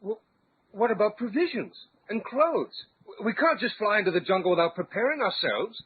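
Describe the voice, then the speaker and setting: Husky, steady explorer. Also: male voice, high voice, normal speed. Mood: uneasy. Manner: calm, clipped reassurances. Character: male explorer, steady and reassuring. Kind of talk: old-time radio drama acting. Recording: tinny, narrow-band radio broadcast.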